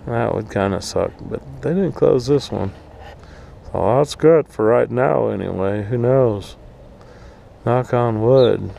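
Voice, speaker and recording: Cussing guy ranting slow outside, gravelly low voice, bit of noise behind him. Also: warm tone. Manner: profane, blunt ranting. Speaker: vlogger. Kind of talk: casual ranting vlog. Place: outdoors at an RV park.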